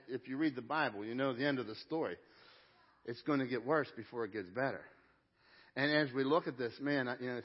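A middle-aged man preaching a sermon in a church, conversational and emphatic, talking straight to the congregation. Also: mid-range voice. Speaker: pastor. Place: church sanctuary. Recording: dull lo-fi sound.

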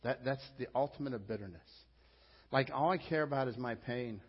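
A man's voice: medium pitch, brisk, breathy edge. A male pastor delivering a sermon in an emphatic, conversational way. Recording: lo-fi with long hall reverb.

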